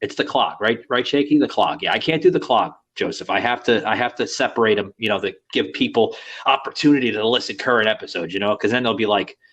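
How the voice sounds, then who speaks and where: A man's voice: on the low side, fast, hardly any pauses, a bit bright, slightly rough. A man hosting a podcast in casual chat, rambling with many fillers and crude banter. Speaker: podcast host.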